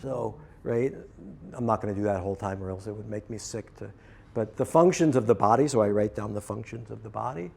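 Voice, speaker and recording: A man telling a personal story to trainees, lively and acting out both sides of the conversations he recounts. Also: lowish voice, fast, creaky. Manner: animated, acts out both sides of a dialogue. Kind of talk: storytelling talk.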